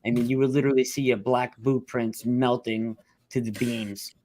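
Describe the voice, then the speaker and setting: A middle-aged man, a rescue worker telling his story in an interview, blunt and halting, fighting back tears. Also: mid-range voice, fairly even intonation, a little mellow. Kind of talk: emotional storytelling.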